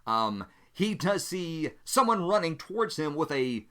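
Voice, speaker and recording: A man's voice: fairly high pitch, big pitch swings, normal speed, hardly any pauses, fairly bright tone. A man narrating a solo tabletop game as game master, thinking aloud and explaining his dice rolls.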